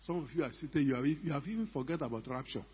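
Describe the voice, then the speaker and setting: A man's voice: mid-range voice, rapid-fire, husky. An older man preaching a sermon as a pastor, emphatic and full of rhetorical questions to the congregation. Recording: echoey hall, dull lo-fi sound.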